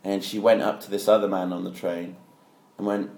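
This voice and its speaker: A joking man with a lowish voice co-hosts a casual chat, teasing his friends and retelling stories with quick put-on voices. The room rings with a noticeable echo. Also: level tone, creaky, a little mellow. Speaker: podcast co-host. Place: home studio. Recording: roomy echo.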